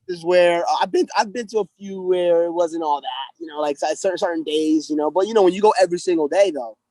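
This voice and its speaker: A young man from the United States talks quickly in a fairly high voice. He is a podcast guest who chats casually, using slang and often restarting his sentences. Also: a little mellow. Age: 20s. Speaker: guest, pro fighter. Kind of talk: casual interview chat.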